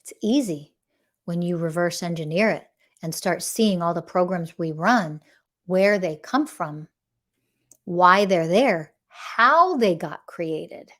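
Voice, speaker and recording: A woman's voice: fairly low pitch, expressive, slow, a bit bright. A middle-aged woman delivering an impassioned, confrontational monologue as a podcast host, swearing freely. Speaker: podcast host, emotional health coach.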